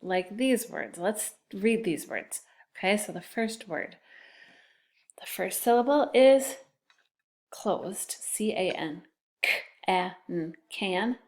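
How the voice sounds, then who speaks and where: A woman teacher speaks slowly and patiently to young children, stretching out each syllable. She spells words letter by letter in a gentle, unhurried lesson voice. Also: medium pitch. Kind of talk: recorded classroom phonics lesson.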